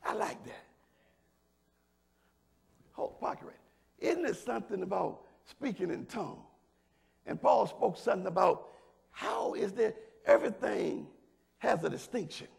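An older man preaches a sermon in a high, husky, gravelly voice. He drops to low murmurs and climbs to shouts, and he calls questions out to the congregation. His pitch moves a lot. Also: animated, unhurried, long pauses. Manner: call-and-response asides to the congregation. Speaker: pastor.

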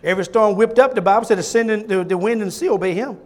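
A male pastor delivers a fervent sermon in a fairly high, light voice, pressing his points through repetition and rising volume. He then drops to a near hush to draw the congregation close. Folksy, conversational asides keep it personal. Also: racing. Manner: fervent preaching, swinging between loud emphatic repetition and hushed intimacy.

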